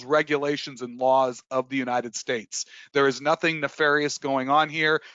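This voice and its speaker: A man presenting a live trading webinar in a bright, forceful voice, chatty and emphatic, with plenty of filler words and restarts. The sound is dry and a little dull, like a webinar mic. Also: medium pitch, clean tone, dry recording.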